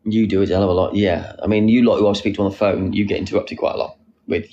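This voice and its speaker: A man's voice: fairly low pitch, fairly even intonation, fast, dark tone, lo-fi sound, a little hiss or hum. A man chatting casually on a live stream, reading out viewers' comments and answering them. He sits outdoors on a wall and talks into a phone.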